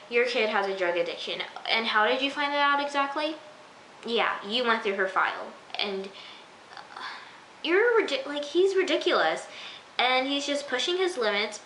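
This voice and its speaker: Gal gushing over a tv episode, acts out her reactions, sharp bright voice, slight hiss behind. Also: a little high. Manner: chatty, acts out her own reactions with "I'm just like"; drops to a soft near-whisper for asides. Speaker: TV episode reviewer. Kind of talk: casual episode review vlog. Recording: echoey room.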